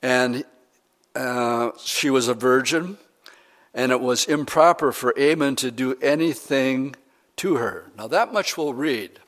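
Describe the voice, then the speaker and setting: A man delivering a sermon, walking through a scripture passage in a loose, conversational way. He paraphrases the characters' words and stops now and then to correct himself or fumble for a verse number. His voice sits at an ordinary pitch for a man. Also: takes it slowly, a bit bright. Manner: fillers and self-corrections. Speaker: preacher.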